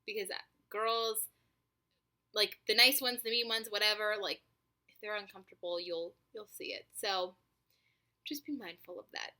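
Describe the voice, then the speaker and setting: A woman in her twenties telling a story to camera in a chatty, animated way, swearing freely and filling her talk with likes and ums. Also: mid-range voice, moderate pace, pauses often. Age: 20s. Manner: animated, profane, chatty with many fillers. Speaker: vlogger.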